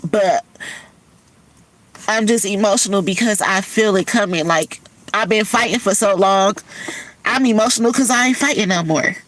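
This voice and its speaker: A woman's voice: mid-range voice, normal speed, long pauses, fairly bright tone, a little hiss or hum, rough recording. A tearful woman, talking candidly and from the heart on her livestream, swearing casually. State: tearful from crying. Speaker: livestream host. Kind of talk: emotional personal livestream talk.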